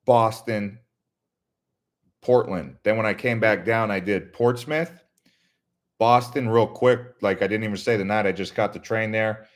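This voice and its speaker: A man from the United States hosting a casual live stream, answering viewer questions and telling rambling travel stories with frequent restarts. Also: fairly low pitch. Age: adult, Navy veteran.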